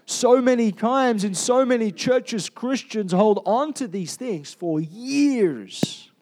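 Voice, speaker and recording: A man preaching a sermon, emphatic and personal, asking rhetorical questions and slowing down to stress key words. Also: very high voice, lively intonation, a little mellow. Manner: confessional storytelling.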